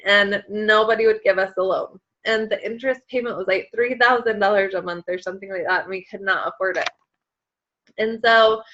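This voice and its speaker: Woman in her thirties, motivational team call, chatty, emotional, fairly high voice, muffled lo-fi audio. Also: fairly bright tone. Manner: emotional, tearful at times, chatty with many fillers. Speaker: team leader on a sales call.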